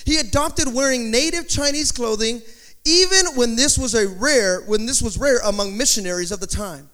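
A pastor preaching a sermon in an animated, conversational way, with joking asides. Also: male voice, very high-pitched, moderate pace. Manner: slips into playful put-on accents in quotes.

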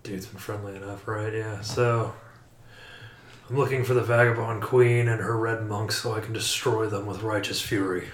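A man's voice: on the low side, fairly even intonation, moderate pace, reverberant, slight background noise. A man playing a tabletop game, asking casual in-character questions.

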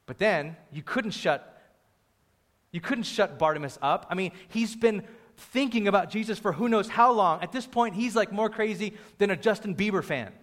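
Young man, sermon, animated preaching, lively voice, acts out crowd voices. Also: high-pitched, moderate pace. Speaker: pastor.

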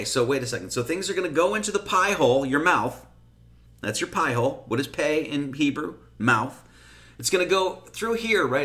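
A man's voice: a little high, a bit bright. Give me a conversational man explaining scripture in a sermon. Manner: conversational, rhetorical questions, frequent "okay?" and "right?"; reads scripture verses in a raised, emphatic voice. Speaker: teacher of esoteric Bible study.

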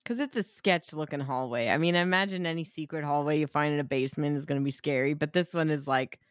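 A woman co-hosting a podcast, recapping a movie in an animated, profane way and acting out the characters' lines. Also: low voice, quick pace, no room sound, studio quality. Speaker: podcast co-host. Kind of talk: casual chat.

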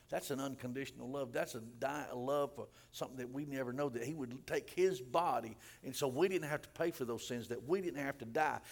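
Man preaching a sermon, gravelly voice, stammering repeats, loud emphatic bursts. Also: mid-range voice. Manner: repeats words, rises to loud emphatic peaks. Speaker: pastor.

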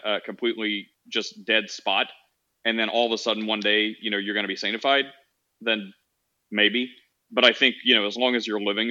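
Man, podcast host, casual chat, rambling with fillers, bright tone, dull lo-fi sound. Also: lowish voice. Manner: rambling, many fillers and restarts.

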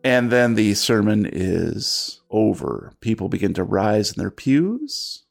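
A man narrating as game master in a relaxed, measured way. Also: fairly low pitch, vocal fry.

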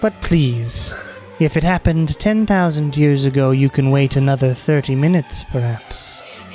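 A man voicing an ancient, haughty archfey ruler in a slow, stately, condescending way. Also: medium pitch, mellow, faint music behind, close to an everyday voice.

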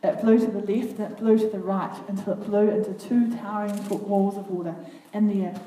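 A woman with a mid-range voice briskly reads a children's Bible story aloud to a group, adding earnest, expressive remarks between passages. She sits far from the mic in an echoey room, with faint noise present.

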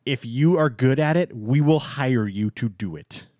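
A man's voice: medium pitch, unhurried, darkish tone, no echo, studio quality. A young man co-hosting a podcast in casual chat, playful and jokey, running the sign-off promos. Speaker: podcast co-host.

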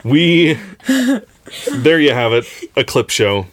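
A man's voice: medium pitch, animated, slow pace, a bit bright. A man hosting a casual family podcast, telling goofy jokes and talking about editing the episodes. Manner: goofy, tells groan-worthy jokes. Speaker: podcast host and editor.

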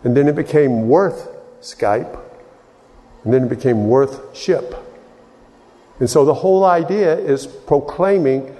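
A man's voice: medium pitch, measured pace, pauses often, dark tone, big-room sound. A man from Texas preaching a sermon in a rambling way, often restarting his sentences and wandering into asides.

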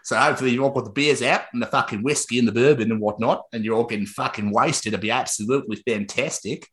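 A young Welsh man co-hosts a podcast, trading sweary, giggly banter in casual chat. He talks fast in a mid-range, fairly bright voice.

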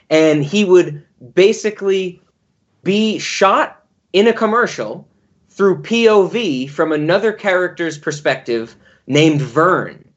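Rambling podcast guy, slightly high voice. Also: highs cut off. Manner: long-winded, rambling explanations. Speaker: podcast co-host. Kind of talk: casual chat.

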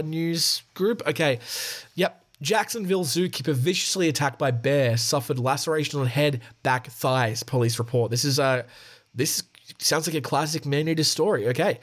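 A man hosting a podcast, reading news articles aloud and adding chatty commentary, often stumbling and restarting as he reads. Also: fairly high pitch.

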